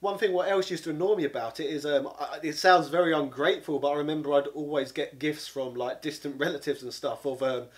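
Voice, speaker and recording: A man's voice: a little high, fairly even intonation, brisk, few pauses. A man, delivering an exasperated comedic rant as a game reviewer. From London, England. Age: 30s. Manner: exasperated, indignant, peppered with 'bloody'. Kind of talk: comedic ranting monologue.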